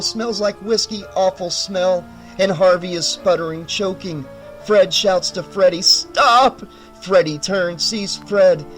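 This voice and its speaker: A man narrating a horror audiobook in an expressive, emphatic way, sometimes rising into loud cries. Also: sits high, rough recording. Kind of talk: dramatic audiobook reading.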